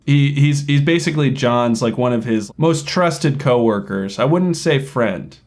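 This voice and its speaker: A man's voice: mid-range voice, measured pace, darkish tone. A man playing a tabletop game, chatting crudely and joking about his character. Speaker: player. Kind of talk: casual tabletop game chat.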